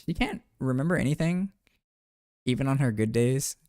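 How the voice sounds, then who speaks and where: A man's voice: mid-range voice, animated, normal speed, a little mellow, dry recording, studio quality. A young man live streaming, chatting loosely with viewers while gaming, laughing a lot and swearing now and then.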